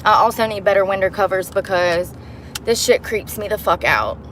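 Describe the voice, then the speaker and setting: A woman's voice: mid-range voice, normal speed, a bit bright, a little hiss or hum. A woman vlogger ranting angrily and bluntly to the camera from inside her car at night, swearing often. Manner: angry, profane, blunt. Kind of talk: heated rant to the camera.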